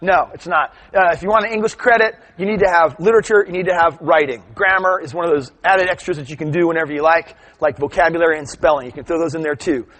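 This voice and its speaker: A middle-aged man giving a live teaching talk, lively and chatty, often checking in with "right?". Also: a little high, quick pace, hardly any pauses. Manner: animated storytelling, asks "right?" often. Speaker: workshop presenter.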